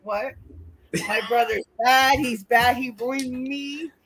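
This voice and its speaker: A woman's voice: high-pitched, steady tone, slow pace, crowd noise, low-quality recording. A woman guest on a wrestling podcast, telling stories in a casual, profane way and acting out what people said. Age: adult with a daughter. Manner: profane storytelling, acting out quotes.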